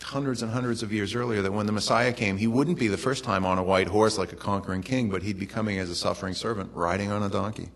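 A middle-aged man preaching a sermon, telling the story in a relaxed, conversational way with lively asides to the congregation. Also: lowish voice, fast, few pauses. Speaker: pastor.

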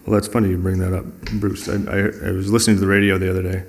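A man with a low, level voice races through personal stories in a conversational talk. He's earnest and reflective, acting out quoted dialogue.

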